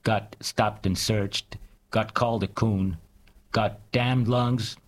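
Man, low voice, very slow, measured poetry reading, casual chat. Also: steady tone. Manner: slow, measured recital with pauses.

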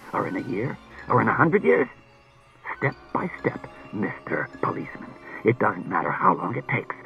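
A man voicing a sullen, fanatical male suspect who mutters and flares into shouts, heard through a tinny old radio broadcast. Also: mid-range voice, vocal fry.

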